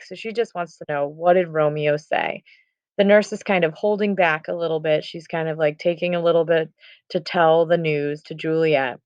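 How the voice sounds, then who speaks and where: A woman's voice: low voice, steady tone, normal speed, a little mellow, clear, resonant tone, no echo. A young woman teaching, retelling a play scene casually with lots of "like" and "um". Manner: casual retelling with many "like" and "um" fillers. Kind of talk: casual lesson summary. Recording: dull, muffled recording.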